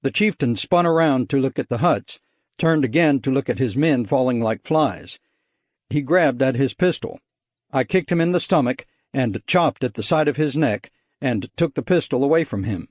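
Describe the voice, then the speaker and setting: Man narrating a lively audiobook. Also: medium pitch, moderate pace, dry recording, clean studio sound. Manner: lively first-person storytelling. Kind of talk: scripted narration.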